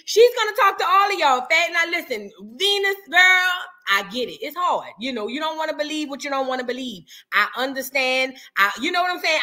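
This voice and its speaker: A woman hosting a reaction video, teasing and animated, repeating lines for comic effect in casual commentary. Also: high-pitched.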